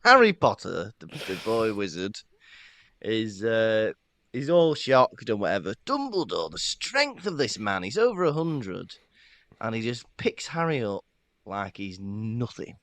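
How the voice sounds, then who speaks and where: A man chatting on a podcast, with a lively, wide-ranging pitch and frequent laughter. His voice sits at an ordinary male pitch and sounds close and dry. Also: a little slow, dry recording. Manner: lively and laughing, animated storytelling. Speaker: podcast co-host. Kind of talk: casual chat.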